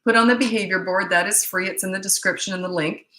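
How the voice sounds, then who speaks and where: A woman's voice: mid-range voice, steady tone, pushed and bright. A middle-aged woman, a parenting coach, talking bluntly and chattily in a casual Q&A, full of asides. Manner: blunt, chatty, frequent "anyway" asides and quick laughs. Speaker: parenting coach and channel host. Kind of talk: casual Q&A monologue with anecdotes. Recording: echoey room.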